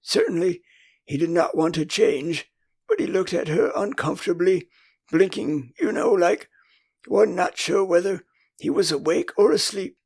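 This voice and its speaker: An older man with an English accent narrating a classic children's story as an audiobook, in an expressive storytelling manner. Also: sits high, measured pace, creaky. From England.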